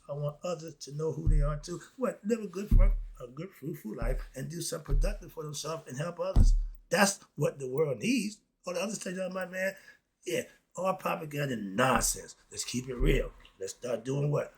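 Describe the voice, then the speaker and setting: A man's voice: on the high side, expressive, normal speed, slightly rough. A middle-aged man delivering an emphatic, preachy spoken rant as the host, often asking "okay?". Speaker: commentary host.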